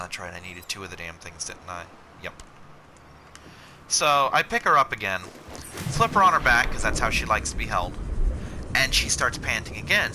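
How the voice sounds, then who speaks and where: A man's voice: on the low side, low-quality recording. A man telling a long casual story in a rambling, profane way, with frequent asides. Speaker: vlogger.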